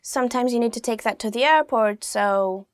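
A young woman hosting a casual video language lesson, chatty and laughing often, saying each phrase slowly and clearly. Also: on the high side, dry recording, clean studio sound. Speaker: language teacher, show host.

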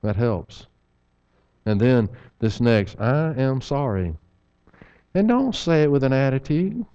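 A man's voice: medium pitch, sing-song, slow, warm tone, clean tone, highs cut off. A man preaching an evening sermon in a church, folksy, with rhetorical questions and humorous asides.

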